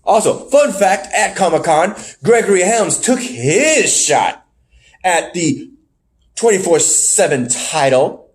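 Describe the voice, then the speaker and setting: Male podcast co-host with a high voice, loose rambling recap delivery. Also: lively intonation, slow. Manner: rambling play-by-play recap with fillers and laughs. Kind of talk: casual wrestling recap chat.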